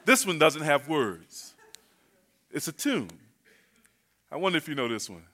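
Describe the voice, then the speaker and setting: A man's voice: on the high side, very animated, unhurried, pushed and bright. A man from North Carolina preaching as a guest pastor, telling funny stories in a folksy, chatty way. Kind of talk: sermon with humorous storytelling. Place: church.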